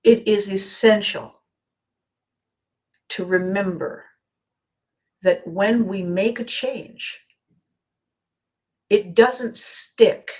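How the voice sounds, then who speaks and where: A woman hosts a live motivational show and talks straight to her viewers in a voice of ordinary, middle pitch. She speaks earnestly and often repeats a word as she restarts a sentence. Now and then she breaks off to greet viewers by name. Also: steady tone, very slow, long pauses, darkish tone.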